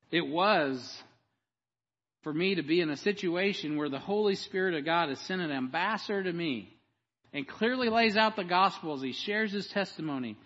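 A man preaching with a high, ringing voice and plenty of fervor. He swings between hushed storytelling and loud, driving emphasis. The sound is dull and carries a long hall echo. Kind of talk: sermon.

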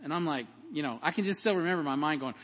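A man preaching a sermon with passion, swinging between loud emphasis and hushed storytelling. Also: a little high, quick pace, slight background noise. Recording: dull, echoey hall.

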